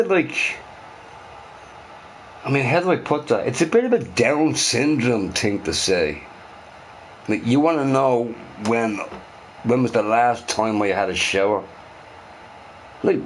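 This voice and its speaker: Animated sweary man ranting. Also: medium pitch, slight background noise. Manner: animated, sweary, repeats phrases. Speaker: live streamer answering chat. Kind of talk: casual ranting chat.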